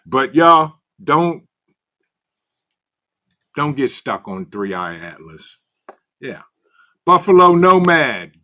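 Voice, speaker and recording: Animated man hosting a chat stream. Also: mid-range voice. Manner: greets chat viewers by name, animated and loose. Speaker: livestream host. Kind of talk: casual livestream chat reading comments.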